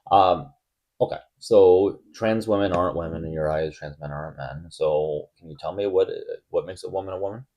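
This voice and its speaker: Very deep-voiced male stream host. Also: darkish tone. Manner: blunt, testy, quick to cut callers off. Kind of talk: casual live-stream debate hosting.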